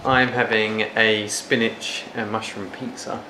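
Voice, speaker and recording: A man's voice: on the low side, flat delivery, measured pace, sharp tone. Playful man vlogging at home, echoey. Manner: playful, teasing, chatty. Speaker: vlog host. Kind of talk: casual home vlog chat. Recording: echoey room with noise.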